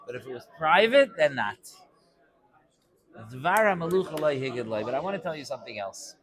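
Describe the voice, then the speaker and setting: A man giving an informal Torah class to a live audience, conversational and acting out quick bits of dialogue. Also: fairly high pitch, expressive, a crowd in the background.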